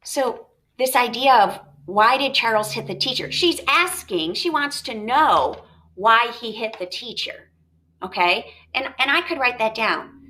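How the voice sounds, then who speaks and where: A woman teacher walks through a recorded lesson, explaining each step and thinking aloud with questions. Her voice is bright and clear. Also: a little high, expressive, measured pace.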